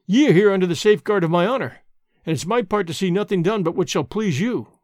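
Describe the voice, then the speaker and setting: A man reading an audiobook, voicing a stern, proud Highland man loyal to his friend. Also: lively intonation, quick pace, a little mellow, dry recording, clean studio sound.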